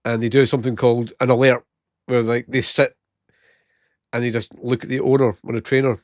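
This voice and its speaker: A man's voice: medium pitch, little pitch movement, brisk, no room sound, clean studio sound. A man vlogging in casual storytelling, a little short of breath from a chest infection, often laughing at his own stories. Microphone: new gated microphone close up.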